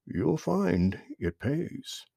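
A man's voice: a little high, big pitch swings, gravelly, dark tone, husky, dry recording, clean studio sound, voice pushed up, exaggerated voice. A man doing a mild, wise old frog. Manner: mild, slow, sly.

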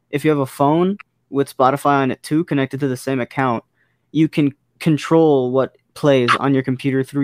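A man guesting on a casual podcast, explaining things slowly step by step. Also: mid-range voice, smooth, no echo, clean studio sound.

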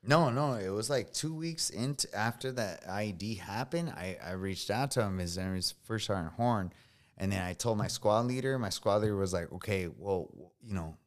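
A man in his thirties, a veteran guest on a podcast, telling stories in a casual, slangy way, often swearing and saying bro. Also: fairly low pitch. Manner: slangy, says bro a lot, swears freely.

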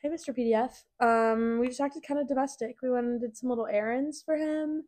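A woman's voice: high voice, fairly even intonation, a little fast, warm tone. A young woman in her twenties co-hosting a podcast, telling stories in a chatty way with lots of fillers. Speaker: podcast co-host. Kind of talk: casual chat.

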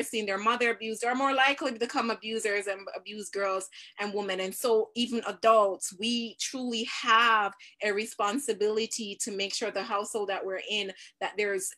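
A middle-aged woman hosting a live discussion, animated and laughing often as she talks to parents and viewers. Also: medium pitch, normal speed. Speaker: host.

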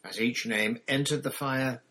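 A man reading a novel aloud in steady, measured scripted narration. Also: medium pitch, a little hiss or hum, poor audio. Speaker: audiobook reader.

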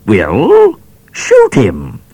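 A man's voice: medium pitch, huge pitch swings, drawn-out words, creaky, warm tone, breathy edge, no echo, pitched above the performer's own voice, heavily acted. A man voicing a pompous, bad-tempered male judge who turns cowardly under threat. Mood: indignant. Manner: blustering.

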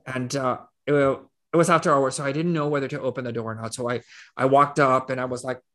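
A man's voice: mid-range voice, steady tone, fast, fairly bright tone. A man, a nonprofit CEO, telling a personal story as a guest in an earnest, conversational way, with frequent restarts. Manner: earnest, with many restarts and fillers.

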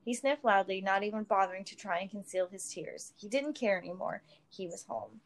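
A woman narrating a story in a steady, expressive reading voice. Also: medium pitch, fairly quick, a little hiss or hum, low-quality recording. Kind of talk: audiobook reading of fan fiction.

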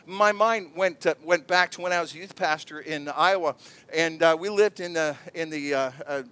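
A man preaching a sermon with a notably high voice. He tells stories with lively energy, dropping softer and then rising as he acts out other people's voices. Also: normal speed, clean tone. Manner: animated storytelling, acts out voices. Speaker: pastor.

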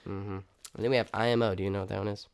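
A man's voice: on the low side, level tone, very fast, gravelly, smooth. A young man co-hosting a casual podcast, joking around playfully and laughing often. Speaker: podcast co-host. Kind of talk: casual chat.

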